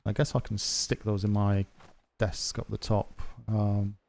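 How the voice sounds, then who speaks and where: Low-voiced chatty man. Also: little pitch movement, a little slow, vocal fry, darkish tone. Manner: rambling, chatty, many fillers. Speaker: livestreamer. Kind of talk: casual chat to stream viewers. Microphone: mic through a desk audio mixer.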